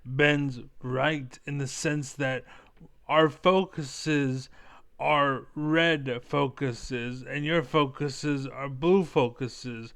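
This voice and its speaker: A man's voice: medium pitch, steady tone, very slow, fairly bright tone. A man giving angry reaction commentary, profane and combative, rambling as he argues. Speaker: reaction video creator.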